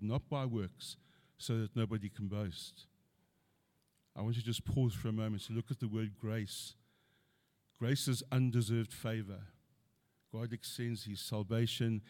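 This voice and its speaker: A man's voice: on the low side, warm tone. A middle-aged man preaching a sermon, earnestly quoting scripture and building to emphatic points.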